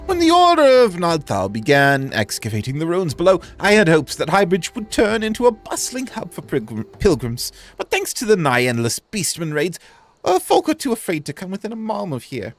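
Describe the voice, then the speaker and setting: Man putting on a high, fretful merchant voice. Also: wildly swooping pitch, moderate pace, faint music behind, exaggerated voice. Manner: wheedling, fretful sales talk. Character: anxious struggling small-time male merchant.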